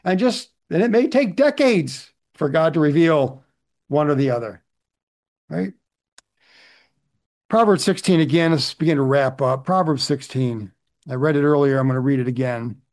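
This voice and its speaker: Middle-aged male pastor, slightly higher voice, chatty sermon delivery with rhetorical asides. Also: animated, moderate pace, pauses often, a little mellow. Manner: conversational, frequent "right?" asides.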